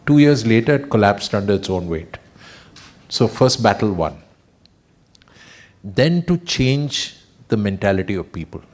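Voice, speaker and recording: A man, a senior executive at his farewell, recalls his career in a relaxed, wry and self-deprecating way. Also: on the low side, a little slow, long pauses. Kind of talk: reminiscing speech. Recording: online webinar audio.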